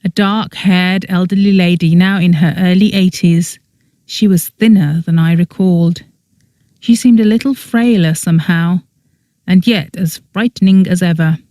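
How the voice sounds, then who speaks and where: An audiobook narrator reading a first-person story in an even storytelling manner, close to the mic. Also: mid-range voice, normal speed, no echo.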